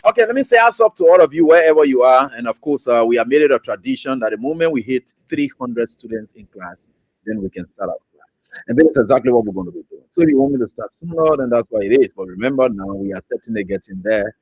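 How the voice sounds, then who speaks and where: A man's voice: mid-range voice, expressive, fast talker, a little mellow, no room sound, low-quality recording. A man from Liberia hosting an online talk show, greeting viewers by name and mocking his critics. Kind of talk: casual political commentary.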